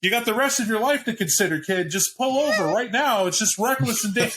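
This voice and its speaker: A man voicing a police officer on a loudspeaker, coaxing and pleading with a driver to pull over. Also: high-pitched, expressive, fairly quick, noisy background, voice pushed up. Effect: over a loudspeaker horn.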